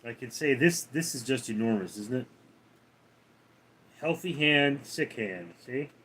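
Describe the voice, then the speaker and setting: A man's voice: medium pitch, expressive, a little slow, fairly bright tone, husky. A man hosting a casual livestream, reading out chat names and answering them one by one in a drawl.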